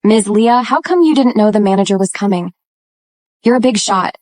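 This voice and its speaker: An actress playing a proud, sharp-tongued older grandmother, calm and cutting, in an English drama dub. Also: medium pitch, moderate pace, dry recording, clean studio sound, lightly acted.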